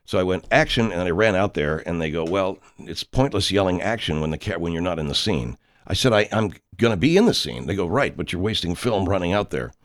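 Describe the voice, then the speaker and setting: A man's voice: low-pitched, expressive, brisk. A man playing a pompous, rambling horror director. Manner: rambling, arrogant, speaks of himself in third person. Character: pompous self-important male horror film director. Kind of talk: comedic character monologue.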